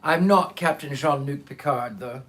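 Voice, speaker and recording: A man's voice: medium pitch, unhurried, a bit bright. A man hosting a live online reading show, chatting theatrically with viewers and greeting them by name before reading a book aloud. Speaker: host of a live storytelling stream. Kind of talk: casual chat and reading aloud.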